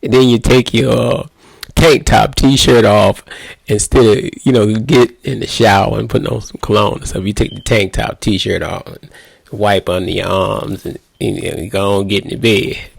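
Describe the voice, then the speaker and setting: A man's voice: fairly low pitch, steady tone, moderate pace, vocal fry, slightly rough, no echo. A man, a pastor, giving folksy marriage advice to husbands in a playful, conversational way and acting out little scenes. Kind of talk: casual marriage talk to men.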